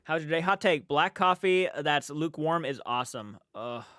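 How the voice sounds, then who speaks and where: A young man hosts a late-night livestream, answering chat in a sleepy, rambling way, stopping and restarting his sentences. His voice sits a little high and sounds smooth and clean. The desk mic is close and dry, with no room sound. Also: lively intonation, normal speed, pushed and bright, dry recording. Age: young adult. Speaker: livestream host reading chat.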